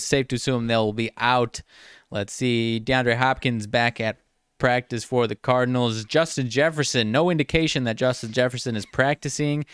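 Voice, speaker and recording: A man co-hosting a football podcast, running quickly through injury news with a joking, brisk manner. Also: mid-range voice, a bit bright, clear, resonant tone, no room sound, clean studio sound. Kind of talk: casual sports podcast chat.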